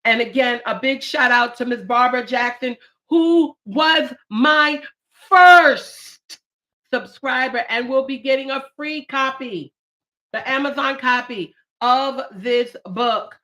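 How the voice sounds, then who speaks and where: A woman in her late forties hosting a live stream, talking warmly and emotionally about her poetry book and the people she dedicated it to. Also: fairly high pitch, measured pace. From United States. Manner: heartfelt, emotional, animated bursts. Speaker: channel host and poet.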